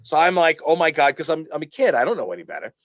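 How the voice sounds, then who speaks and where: A man telling a funny childhood story as a podcast guest, full of fillers and restarts, getting animated when he quotes himself. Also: a little high, rapid-fire. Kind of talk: casual storytelling.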